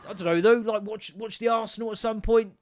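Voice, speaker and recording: Male comic, thirties, slightly higher pitch; sweary self-mocking podcast rants. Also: steady tone, fairly quick, a little hiss or hum. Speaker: podcast host and comedian. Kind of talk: solo comedy podcast rant.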